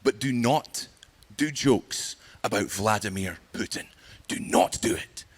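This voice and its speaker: A man voicing his Russian friends as grim, deep-toned men giving a hushed warning. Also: steady tone, a little slow, big-room sound, close to an everyday voice. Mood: ominous.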